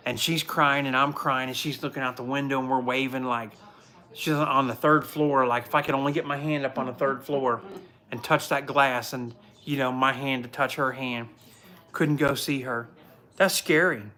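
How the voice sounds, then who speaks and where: Bright-voiced man telling rambling stories. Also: medium pitch. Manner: rambling, earnest storytelling with many restarts. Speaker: police officer and show host. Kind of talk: casual livestream talk.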